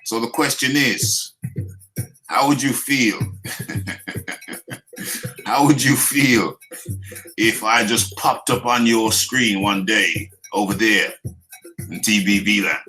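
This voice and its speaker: Fairly low in pitch and sharp in tone, a British man from the United Kingdom hosts a live boxing talk stream. He chats loosely with his viewers, teasing and joking, laughing often and repeating phrases.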